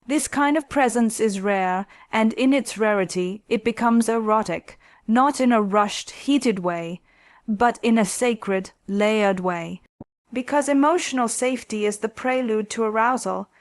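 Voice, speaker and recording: A woman calmly narrating scripted relationship advice in a slow, soft, intimate way. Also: a little high, dry recording.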